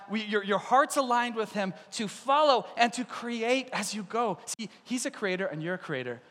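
A male pastor preaching a sermon, telling a story and acting out its characters, in a hall with long reverb. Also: extremely high pitch. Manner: animated storyteller, acts out characters.

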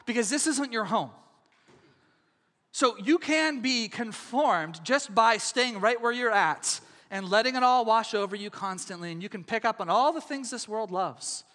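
A man preaching a sermon as pastor, in a lively, conversational way, often asking the congregation whether they follow. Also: sits high, unhurried, long reverb tail. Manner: animated, conversational, asks audience questions.

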